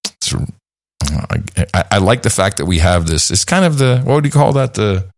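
A man co-hosting a podcast in a loose, chatty way, his pitch swinging up and down as he talks. He rambles with plenty of fillers. The sound is dry and close, with no room echo. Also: sing-song, normal speed, gravelly. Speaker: podcast co-host. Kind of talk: casual chat.

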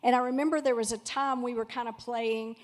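A woman's voice: on the high side, steady tone, brisk. A middle-aged woman sharing her personal testimony in a candid, heartfelt way. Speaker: pastor's wife sharing testimony.

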